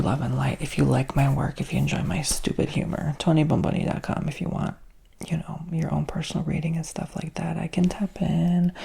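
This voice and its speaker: A man's voice: on the high side, vocal fry, slight background noise. A man giving whispered ASMR spiritual talk as host, sassy and flamboyant, swearing casually. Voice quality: soft whispery delivery.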